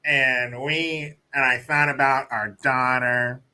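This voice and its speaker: A man's voice: medium pitch, steady tone, slow pace, pushed and bright, clear, resonant tone. A man putting on a simpering, sing-song impression of a woman politician in a mocking video commentary. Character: whiny mocked woman politician, grown woman.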